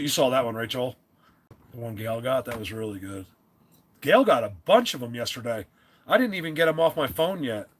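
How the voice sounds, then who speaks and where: His voice leaning high, a live-stream host talks loosely and wanders off topic. He keeps clearing his throat and restarting what he was saying.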